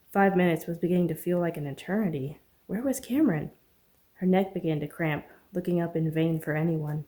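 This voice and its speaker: Mellow-voiced woman reading her novel. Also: low-pitched, fairly quick. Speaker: author reading own novel. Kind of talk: audiobook narration.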